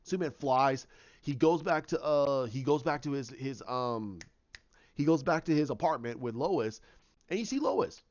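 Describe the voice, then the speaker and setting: In a dull lo-fi recording, a fan pitches a movie idea of his own at a moderate pace. His medium-pitched voice is expressive, and his casual retelling rambles with many restarts and fillers.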